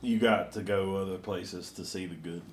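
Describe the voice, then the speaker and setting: A man's voice: sits low, steady tone, normal speed, reverberant. A man in his thirties co-hosting a podcast, telling stories in a folksy, casual chat. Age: 30s. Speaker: podcast co-host.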